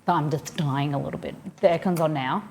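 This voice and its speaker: Chatty Australian woman, lowish voice. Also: fairly quick, a little mellow, a little hiss or hum. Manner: chatty, rambling, reads viewers' messages aloud. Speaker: livestreamer. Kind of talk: casual chat with viewers. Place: home office, at her desk.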